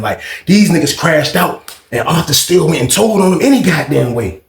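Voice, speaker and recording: A man hosting a storytime channel, telling a prison story in a profane, excitable way and acting out the fights with sound effects. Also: on the high side, fairly quick, a little hiss or hum. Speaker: storytime host. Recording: roomy echo.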